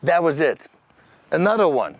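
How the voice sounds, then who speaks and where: This personal storytelling monologue comes from a Dutch channel host with a slightly high voice and a moderate pace. Animated and vivid, he acts out scenes and quotes in loose, non-native grammar, and there's no room sound.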